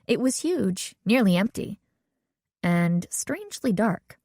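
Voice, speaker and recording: A woman reading a first-person teen mystery audiobook in a clear, even storytelling voice. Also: mid-range voice, takes it slowly, dry recording. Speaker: audiobook narrator. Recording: dry, close studio sound.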